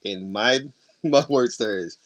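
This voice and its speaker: Speaking slowly in a lowish voice, this man co-hosts a podcast and spins a lengthy personal story over casual chat, playing out the arguments himself and frequently laughing.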